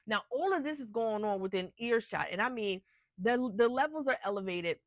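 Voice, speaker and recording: A woman's voice: a little high, normal speed, dry recording. A woman vlogger recapping a soap opera in casual chat, acting out each character's lines with slangy asides. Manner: lively storyteller, slips into character voices. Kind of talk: animated casual recap with acted-out dialogue.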